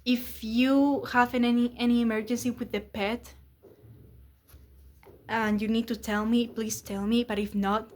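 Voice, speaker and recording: A woman's voice: a little high, little pitch movement, a little slow, darkish tone. Rambling, candid young woman vlogger. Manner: rambling, candid, swears freely. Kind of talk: casual confessional vlog.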